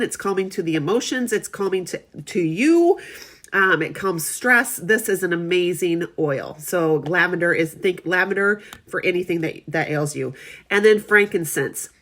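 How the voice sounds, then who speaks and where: A woman's voice: fairly low pitch, a bit bright. A middle-aged woman giving a casual product demonstration, chatty and friendly, often checking in with her viewers.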